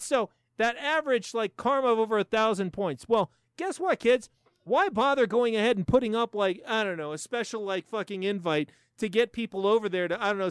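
A man's voice: sits high, clear, resonant tone, no echo, clean studio sound. A man in his forties hosting a profane, sarcastic commentary show, ranting with lots of swearing. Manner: animated, sarcastic, swears a lot. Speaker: show host.

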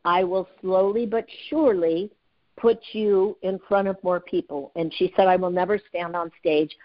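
A woman in her fifties, a sales and speaking trainer, telling stories with lively energy and frequent laughter in an interview. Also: on the low side, normal speed. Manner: lively, laughs often, acts out dialogue. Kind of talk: animated storytelling in an interview. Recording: dull lo-fi audio.

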